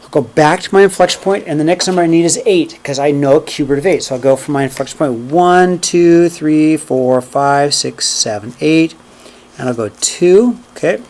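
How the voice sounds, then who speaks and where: A man's voice: fairly high pitch, moderate pace, darkish tone. A man teaching math to a class, counting points aloud and often checking in with "okay?" and "right?". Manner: counts steps aloud while graphing. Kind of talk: classroom lecture.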